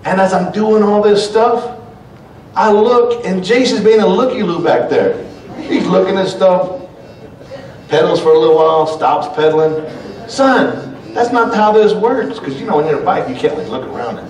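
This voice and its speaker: Folksy New pastor preaching. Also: male voice, moderate pace. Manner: folksy storytelling, swings between loud and hushed. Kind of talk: sermon. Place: church sanctuary. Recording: echoey church room from far off, faint rumble.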